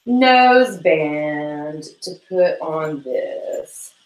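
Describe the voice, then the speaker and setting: A woman's voice: low voice, lively intonation. Giggly woman rambling on a casual livestream, sounds kinda roomy. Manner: giggly, rambling, quick asides. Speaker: co-host. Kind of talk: casual chat while cleaning tack.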